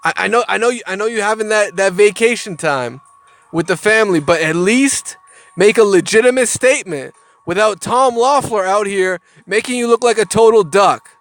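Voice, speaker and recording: A man's voice: high voice, moderate pace, a bit bright, no echo. A man giving heated, profane boxing commentary, often repeating words as he gets worked up. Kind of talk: casual ranting commentary.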